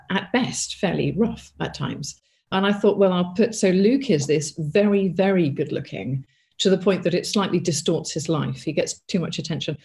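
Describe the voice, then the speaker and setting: Gravelly-voiced woman author being interviewed. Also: lowish voice, mellow. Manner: thoughtful, with frequent restarts and asides. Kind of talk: conversational interview answers.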